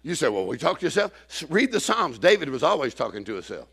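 A man preaching a sermon to a church congregation, emphatic, swinging from shouted declarations to low asides. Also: very animated, fast talker, gravelly, husky.

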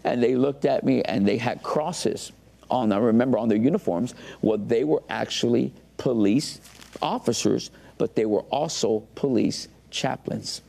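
Gravelly earnest man sharing testimony. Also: mid-range voice, measured pace, dark tone. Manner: earnest, emotional storytelling. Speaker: guest telling his testimony. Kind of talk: personal faith testimony.

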